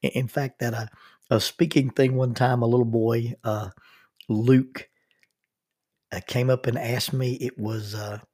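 A man hosting his own podcast, telling stories and reflecting in a slow, soft-spoken, intimate way that sometimes drops almost to a whisper. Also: mid-range voice, level tone. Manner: quiet, intimate delivery, dropping to near whisper. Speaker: podcast host. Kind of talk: reflective devotional podcast talk.

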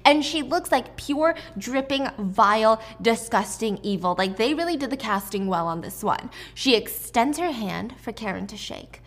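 A woman's voice: on the high side, expressive, moderate pace, hardly any pauses. A woman casually recapping a film's plot in a chatty, dramatic way, with casual swearing. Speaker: movie recap vlogger.

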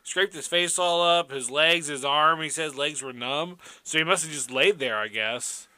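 Very bright, giggly man chatting. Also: a little high, normal speed, dry recording. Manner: animated, giggly, lots of "like". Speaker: podcast co-host. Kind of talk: casual chat.

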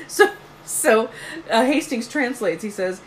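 A woman's voice: on the high side, lively intonation, slow, a little hiss or hum, rough recording. A woman co-hosting a podcast in casual chat, telling stories animatedly with frequent giggles. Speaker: podcast co-host.

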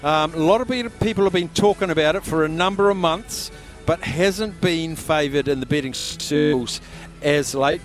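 A man hosting a live radio sweep draw from a busy pub, chatty and quick, raising his voice over the room. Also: fairly high pitch.

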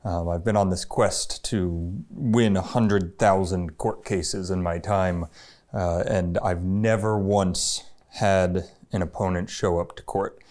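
A man playing a tabletop game, introducing his character in a relaxed, joking way. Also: low voice, takes it slowly. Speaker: player.

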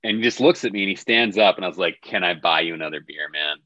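A man's voice: low-pitched, fast talker, bright, forceful tone, no room sound, lo-fi sound. A man telling a funny story as a podcast guest in a laid-back, self-deprecating way. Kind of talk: casual storytelling.

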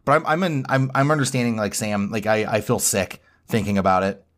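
Rambling, laughing podcast host. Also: male voice, lowish voice, animated, brisk, a bit bright. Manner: rambling, laughs often, acts out quotes. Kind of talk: casual chat recapping a reality show.

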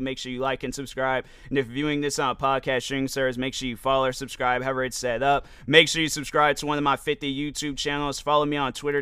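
A man's voice: mid-range voice, bright, forceful tone, clean tone, dry recording, studio quality. A young man hosting a podcast, telling a loose, rambling story full of fillers and restarts. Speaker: podcast host. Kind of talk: casual storytelling monologue.

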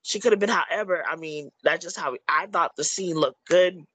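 A man's voice: a little high, a little fast, bright, forceful tone, rough recording. A man talking about the movie he made in a casual chat, rambling with lots of "you know" and restarts. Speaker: filmmaker discussing his movie.

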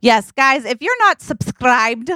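A woman co-hosting a casual comedy podcast, enthusiastic and animated as she spins a story. Her voice sits a little high with lively swings, recorded close with no room echo. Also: slow pace, clear, resonant tone. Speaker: podcast co-host.

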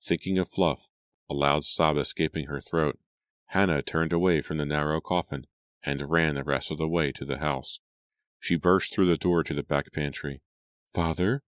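In scripted narration, a man with an extremely low pitch reads an audiobook, keeping the storytelling steady and measured. The recording is dry, with clean studio sound.

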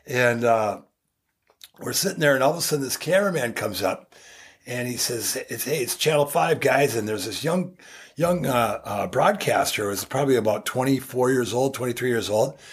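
Husky older man telling a story. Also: medium pitch, normal speed. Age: 60s. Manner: animated storyteller, laughs through his punchlines. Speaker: guest, former college hockey player. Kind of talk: casual storytelling.

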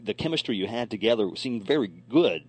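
A man's voice: mid-range voice, animated, a little fast. A man hosting a radio interview, asking questions with lots of hesitant fillers. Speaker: radio host.

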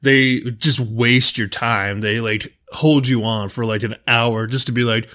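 A man's voice: mid-range voice, moderate pace, hardly any pauses, a bit bright. A young man hosting a casual podcast, reading posts aloud and ranting about them with frequent swearing. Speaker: podcast host.

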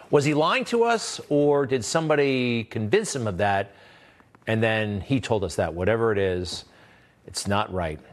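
A man hosting a political commentary show, talking in a sarcastic, emphatic monologue full of rhetorical questions. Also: fairly low pitch. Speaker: commentary host.

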